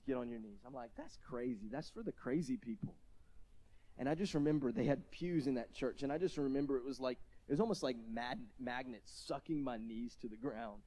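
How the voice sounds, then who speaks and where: Animated preacher, warm mellow voice. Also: male voice, mid-range voice. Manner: animated, rising to shouts in emotional peaks; conversational, self-deprecating asides. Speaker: pastor. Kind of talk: sermon.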